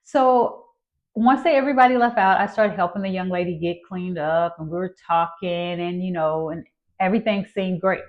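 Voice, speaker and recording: A woman in her fifties, a nurse, telling a personal story in a lively way and acting out her own past voice. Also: on the low side, normal speed, highs cut off.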